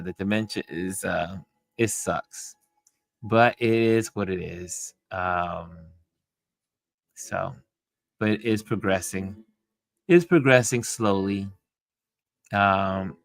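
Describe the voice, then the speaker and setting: Low-voiced easygoing middle-aged man. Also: gravelly. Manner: easygoing and rambling, often laughing softly. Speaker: livestream host reading chat. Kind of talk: casual livestream chat. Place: at home.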